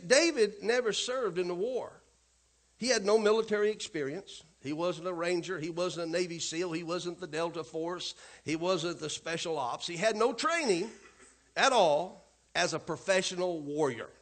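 High-voiced man preaching a sermon. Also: a bit bright. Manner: emphatic preaching with rising, punchy lines and asides to the congregation. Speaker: pastor.

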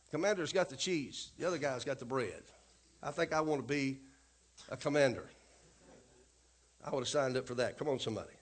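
High-voiced man preaching a sermon. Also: expressive, brisk. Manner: emphatic preaching with rising, punchy lines and asides to the congregation. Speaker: pastor.

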